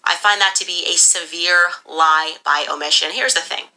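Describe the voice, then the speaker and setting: An emphatic woman rants in a rapid, insistent monologue. Her voice sits low and pushes forward with a sharp, forceful edge. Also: poor audio. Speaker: podcast commentator. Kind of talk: opinionated monologue.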